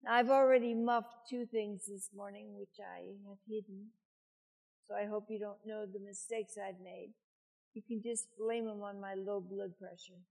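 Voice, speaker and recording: A woman's voice: mid-range voice, steady tone, normal speed, darkish tone. An older woman preaching a sermon, chatty, with self-deprecating asides.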